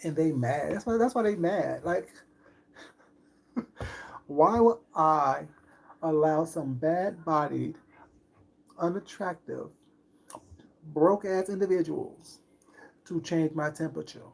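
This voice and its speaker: A man's voice: a little high, slow, creaky, pauses often. A middle-aged man in a casual live-stream chat as a food vlogger, talking in a sassy, boastful, flamboyant way.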